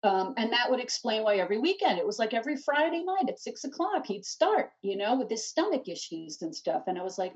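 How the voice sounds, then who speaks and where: A middle-aged woman telling her story in an interview, animated and rambling, full of restarts and "you know.". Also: a little high, fairly quick, hardly any pauses, slightly rough. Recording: distant dull lo-fi mic.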